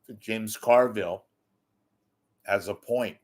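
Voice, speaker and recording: A man's voice: fairly low pitch, slow. A man hosting a comedic monologue, talking casually and in a mocking tone. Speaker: comedian host.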